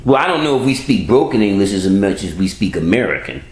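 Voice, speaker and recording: A man tells streetwise stories in a lively, rising-and-falling voice. He swears freely and restarts his sentences often. The room around him is roomy and echoey. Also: on the low side, fast. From New York. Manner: streetwise, profane, storytelling with many restarts. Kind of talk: casual conversation.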